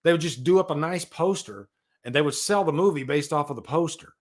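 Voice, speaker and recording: A man's voice: on the high side, brisk. Rambling man. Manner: rambling, animated storyteller, reads chat aloud. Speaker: livestream host. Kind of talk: casual livestream chat.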